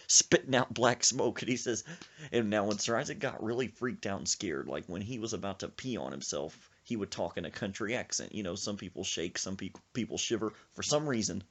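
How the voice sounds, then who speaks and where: A man hosting a podcast, telling a comic story in an animated way and acting out the voices in it. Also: lowish voice, husky. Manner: animated, acts out the voices he tells about. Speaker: podcast host.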